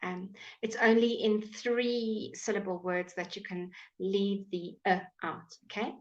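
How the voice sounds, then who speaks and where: Her voice is medium in pitch and level in tone, and the highs are cut off on the computer mic she uses for her live stream. At home, she leads an online English pronunciation class, slowly and patiently repeating words for students to imitate.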